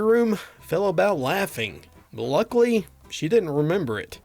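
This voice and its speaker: Man, storytelling narrator, dry comic delivery, fairly high voice, faint music underneath. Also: very animated, moderate pace, gravelly, a little mellow. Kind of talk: reading funny anecdotes aloud.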